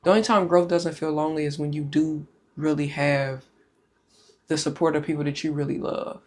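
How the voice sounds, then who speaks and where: A woman's voice: low-pitched, fairly even intonation, a little fast, darkish tone. A woman hosting a casual podcast chat, talking candidly and with plenty of profanity. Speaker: podcast host.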